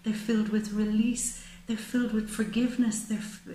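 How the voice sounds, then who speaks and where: Expressive woman reading tarot cards. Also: on the high side, moderate pace, slight background noise. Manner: expressive, repeats words for emphasis. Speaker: tarot reader. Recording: roomy echo.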